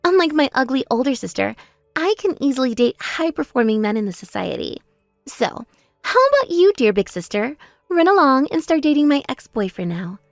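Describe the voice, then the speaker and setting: A woman's voice: high-pitched, sing-song, normal speed, vocal fry, dry recording, clean studio sound, faint music behind, full character voice. A woman voicing a bratty, boastful younger sister. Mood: taunting. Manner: mocking, taunting, gloating. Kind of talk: text-message story voice acting.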